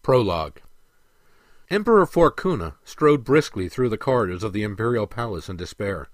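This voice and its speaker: Low-voiced man reading an audiobook. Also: no echo. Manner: steady, measured reading. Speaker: author reading his own book. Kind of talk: audiobook narration.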